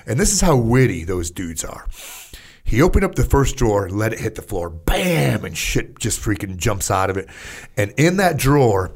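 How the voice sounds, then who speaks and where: An older man, an army veteran, telling stories in a casual interview, profane and animated, full of fillers. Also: lowish voice, moderate pace.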